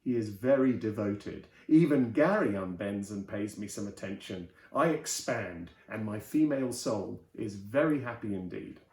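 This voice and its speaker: A man reading an old novel aloud in a lively storytelling manner, his voice mellow and warm. The recording is roomy, with a clear echo around him. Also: lowish voice, moderate pace, hardly any pauses. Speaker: host and reader.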